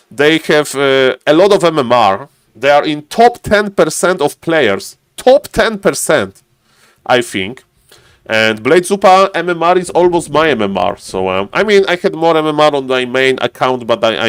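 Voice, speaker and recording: A man casting a strategy game live, animated and laughing, breaking into high yelps. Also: smooth, dry recording. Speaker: game caster. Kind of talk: excited live game commentary.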